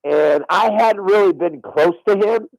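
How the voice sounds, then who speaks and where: A man's voice: high voice, measured pace, gravelly, dry recording, low-quality recording. A middle-aged man, a former caddie, telling a long story on radio and swearing on his daughter's life. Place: radio studio.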